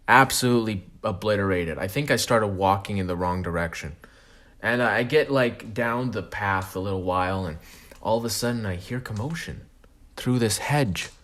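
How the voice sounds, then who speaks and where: A man's voice: fairly low pitch, a bit bright. A man hosting a podcast, telling a comic story in a profane, self-mocking monologue. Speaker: podcast host.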